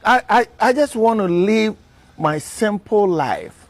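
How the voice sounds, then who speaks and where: A man's voice: high voice, expressive, slow pace, no echo. A man, speaking earnestly in a casual interview.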